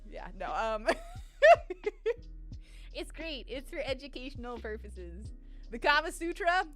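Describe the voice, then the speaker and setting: Woman streamer, casual live chat, laughs a lot, voice pitched a bit high and very animated. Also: takes it slowly, soft background music. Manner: giggly, laughs often, chatty and candid. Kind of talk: casual chat with live viewers while gaming.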